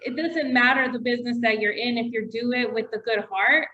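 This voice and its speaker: A woman's voice: fairly high pitch, fairly even intonation, fairly quick, sharp tone, lo-fi sound. A woman real estate agent interviewing a guest in a casual, encouraging way, laughing along.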